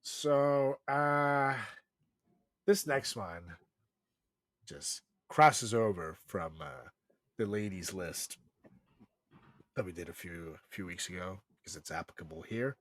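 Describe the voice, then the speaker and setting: A man's voice: deep voice, lively intonation, slow, long pauses, no echo, clean studio sound. A man co-hosting a podcast, chatting casually and crudely, laughing often and rambling with fillers. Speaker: podcast co-host. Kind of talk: casual comedic chat.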